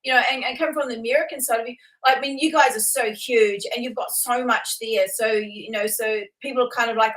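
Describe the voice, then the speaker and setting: A woman's voice: a little high, fairly even intonation, brisk, hardly any pauses, a bit bright, far from the mic, low-quality recording. A woman with a New Zealand accent in casual chat, talking in a chatty way and laughing easily. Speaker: podcast host.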